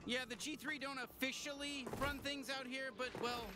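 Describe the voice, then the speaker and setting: Video game sidekick: a squeaky, stammering talking gun who rambles nervously, with loud music behind him. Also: male voice, flat delivery, moderate pace. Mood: rambling. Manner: rambling, stammering, repeating words.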